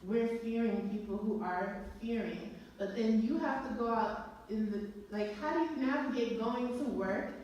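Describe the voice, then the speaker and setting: A woman's voice: a little high, unhurried, a little mellow, muffled recording. A woman asking a thoughtful, searching question at a live Q&A. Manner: thoughtful, searching, many fillers. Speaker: audience member asking questions. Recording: echoey hall, distant mic.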